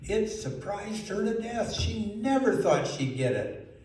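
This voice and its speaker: A man telling a children's story in a lively way, asking the listeners questions. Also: high voice, takes it slowly. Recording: very echoey room, mic far off, faint noise.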